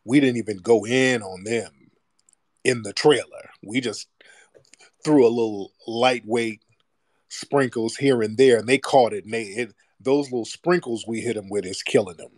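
A man hosting a casual commentary monologue, slangy and mocking, breaking into shrill voices to mimic his critics. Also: moderate pace, no room sound. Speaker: host.

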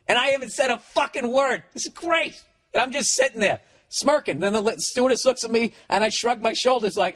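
Profane, animated man telling a comic story. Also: extremely high pitch, fairly quick. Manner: animated, swearing constantly, mocking. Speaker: comedian and podcast host.

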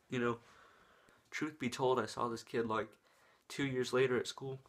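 Young man, casual story-time vlog, rambling, filler-heavy, mid-pitched voice, acts out moves as he talks. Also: flat delivery, moderate pace. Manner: rambling, full of "like" and restarts; shows moves with his hands as he talks.

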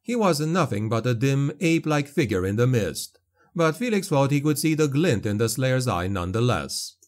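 Male narrator, dark fantasy audiobook, steady, dramatic, mid pitch. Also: normal speed.

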